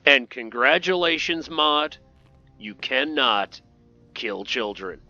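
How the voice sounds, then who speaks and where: A man's voice: medium pitch, animated, takes it slowly, sharp tone, dry recording, highs cut off, soft background music. A man giving casual, joking commentary over gameplay and talking back to game characters. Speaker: gaming video host.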